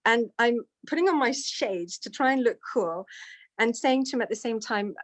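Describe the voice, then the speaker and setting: A woman's voice: fairly high pitch, lively intonation, normal speed. A woman telling a personal story in a candid, self-deprecating way. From United Kingdom. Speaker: devotee sharing testimony.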